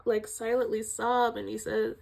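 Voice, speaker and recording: A woman giving a casual video review of a film. She retells scenes in an animated, emotional way, sighing often. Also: a little high, normal speed, vocal fry.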